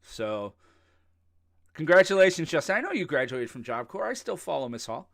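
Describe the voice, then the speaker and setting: A man co-hosts a podcast in a loose, rambling chat, cracking jokes as he goes. His pitch swings widely and stays lively, and the sound is dry and close with no room echo. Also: moderate pace, vocal fry. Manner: jokey, rambling, laughs often. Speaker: podcast co-host. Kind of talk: casual chat.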